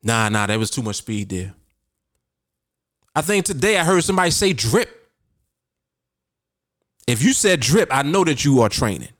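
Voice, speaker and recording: A man's voice: medium pitch, sing-song, moderate pace, pauses often, fairly bright tone, no room sound, clean studio sound. A man hosting a podcast, coaching his listeners in a casual, emphatic and repetitive way. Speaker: podcast host and trading coach. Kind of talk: casual motivational talk.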